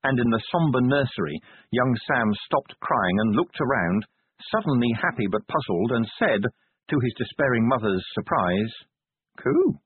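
Husky guy reading a novel aloud, lively up and down delivery, tinny phone-like sound. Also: no echo. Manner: measured storytelling with lively pitch. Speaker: audiobook narrator. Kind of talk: scripted narration of a novel. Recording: phone-like lo-fi audio.

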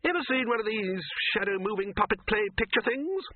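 Guy doing a loud bluff old head wizard, high and barky, swings around a lot, kinda husky. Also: animated, brisk, no room sound, phone-quality sound. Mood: hearty. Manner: brusque, booming exclamations. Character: bluff, hearty elderly male wizard chief.

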